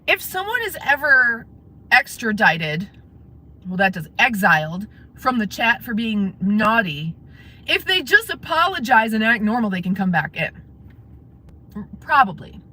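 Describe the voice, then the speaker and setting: A woman's voice: mid-range voice, sharp tone. A woman live-streaming from her car, chatting casually with viewers and laughing often. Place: in a parked car.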